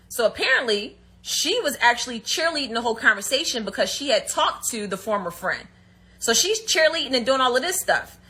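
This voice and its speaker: A woman's voice: fairly high pitch, pushed and bright, husky. A woman telling a story in a casual livestream rant, indignant and acting out quoted dialogue. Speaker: reality TV personality. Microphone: phone livestream.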